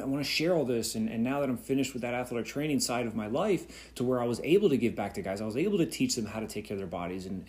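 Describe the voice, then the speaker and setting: A man in his thirties talks alone on his podcast, thinking out loud. His voice sits at an ordinary middle pitch, and he drifts along with easy fillers and restarts. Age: 30s. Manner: reflective, rambling with fillers and restarts. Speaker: podcast host. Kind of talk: solo podcast talk.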